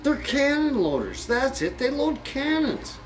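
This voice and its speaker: A man doing a Russian soldier whose voice rises high and loud. He proclaims each guess slowly and with emphasis, with banjo music playing behind. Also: sing-song, poor audio. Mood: insistent. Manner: slow, emphatic, pointing and declaring. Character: boastful male Russian soldier guessing ranks.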